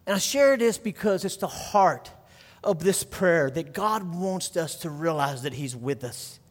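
A man's voice: fairly high pitch, expressive, a little slow. Fervent preaching man in a reverberant hall. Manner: storytelling, dropping to a hush for sad parts, building to loud fervent preaching. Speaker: pastor. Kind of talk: sermon.

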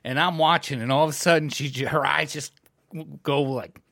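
A co-host from New England telling excitable stories in a casual chat, laughing and shouting out the punchlines. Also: mid-range voice, normal speed, no echo, studio quality.

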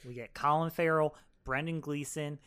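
A man's voice: fairly high pitch, steady tone, moderate pace, a bit bright, clean tone. A man co-hosting a podcast, talking casually about a film and speaking directly to listeners. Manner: upbeat, addresses listeners directly. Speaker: podcast co-host. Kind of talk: casual film review chat.

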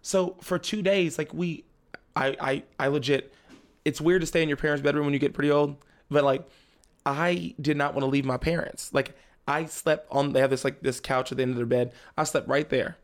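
Young man, podcast guest, somewhat high voice, gravelly, animated storytelling, frequent laughs. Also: moderate pace. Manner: animated, acts out family members' lines; laughs often while talking. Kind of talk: casual storytelling chat.

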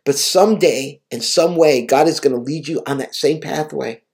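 A man's voice: a little high, normal speed, gravelly, a little mellow. A man preaching, recounting a vision and exhorting his listeners in an earnest, emotional way. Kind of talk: devotional vision account and exhortation.

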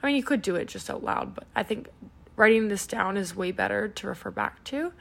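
A woman's voice: medium pitch, expressive, a little fast, gravelly. Chatty young woman hosting a podcast. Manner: chatty, many "um"s and "like"s. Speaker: podcast host. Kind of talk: casual devotional podcast talk.

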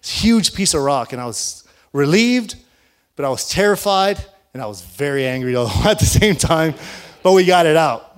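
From the pulpit, an animated pastor tells a story in a fairly high voice at a moderate pace. He laughs often and performs the lines of every character, giving his sermon a lively, playful delivery.

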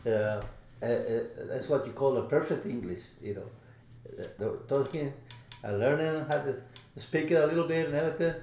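A man whose first language is Spanish, telling stories in casual conversation, halting and restarting often. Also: mid-range voice, warm tone, echoey room. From Mexico. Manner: halting, many fillers and restarts. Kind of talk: casual storytelling.

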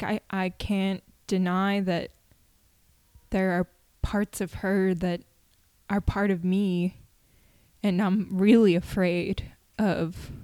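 A young woman hosting a personal solo podcast, talking candidly and haltingly with many fillers and restarts. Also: medium pitch, darkish tone, clean tone, no room sound. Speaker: podcast host.

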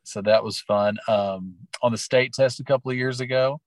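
A man's voice: medium pitch, fairly even intonation, normal speed, dry recording. Chatty man telling classroom stories. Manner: chatty, storytelling, lots of fillers. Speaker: teacher and coach, interview guest. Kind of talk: casual interview talk.

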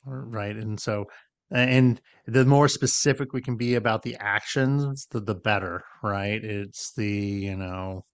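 A man's voice: fairly low pitch, a little slow, clean tone, no echo. A man co-hosting a podcast, explaining ideas in casual conversation and often checking in with "right?". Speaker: podcast co-host.

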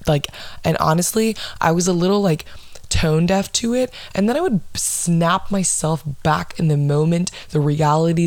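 Young woman host, deep-set voice, dry close sound, foul-mouthed comic ranting storyteller. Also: darkish tone, no room sound. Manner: blunt, heavy swearing, dramatic asides. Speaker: podcast host. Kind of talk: casual profane storytelling rant.

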